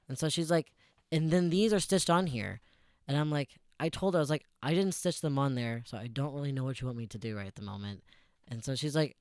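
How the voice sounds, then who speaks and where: A man's voice: medium pitch, a little mellow, clean tone, dry recording, clean studio sound. A young man co-hosting a podcast, retelling a work story in a casual, sarcastic and profane way. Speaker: podcast co-host.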